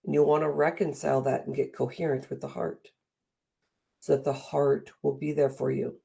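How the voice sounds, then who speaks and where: A middle-aged woman giving a motivational talk, animated and acting out the voices she quotes. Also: rumbling low, moderate pace, gravelly, breathy edge. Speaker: speaker and coach.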